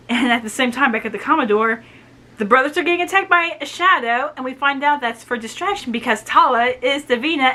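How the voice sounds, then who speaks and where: A woman casually recapping a novel's plot, retelling scenes with quick asides and quoted dialogue. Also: high-pitched, sharp tone. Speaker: book reviewer.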